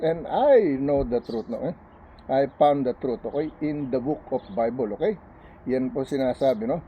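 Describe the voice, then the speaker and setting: A man's voice: mid-range voice, lively intonation, normal speed, narrow, tinny audio, slight background noise. A middle-aged man with a Filipino accent, praying and reflecting on scripture as a lay preacher, in an earnest way, often ending phrases with tag questions. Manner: switches between English and Tagalog. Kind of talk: prayer and Bible reflection.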